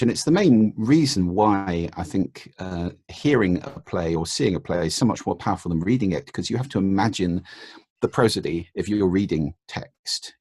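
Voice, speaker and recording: Low gravelly man explaining calmly. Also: dry recording, clean studio sound. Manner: measured, explanatory, demonstrates intonation with his voice. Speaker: guest expert on speaking. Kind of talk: podcast interview.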